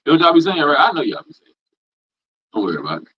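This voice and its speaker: Husky-voiced preacher man, folksy. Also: on the high side, wildly swooping pitch, fast talker. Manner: folksy, repetitive, preachy, with Southern US Black vernacular. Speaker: preacher teaching a class. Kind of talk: informal sermon, reading and commenting on scripture. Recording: dull lo-fi sound.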